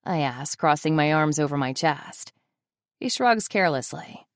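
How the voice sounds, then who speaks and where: A woman's voice: low-pitched, lively intonation, measured pace, dry recording. A woman narrating a first-person audiobook in a wry, sardonic manner, close to the mic.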